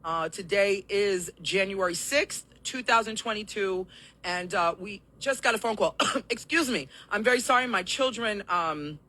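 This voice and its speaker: A woman hosting a live-streamed talk show, hoarse from coughing and a little out of breath, apologetic as she explains things at length to her viewers. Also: mid-range voice, measured pace, bright, forceful tone.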